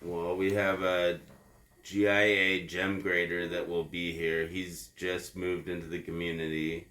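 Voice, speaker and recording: A man guest describing the event he helps run, in a deep voice. He speaks in a measured, plain-spoken way. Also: little pitch movement, pushed and bright. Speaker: guest, show organizer. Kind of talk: casual interview chat.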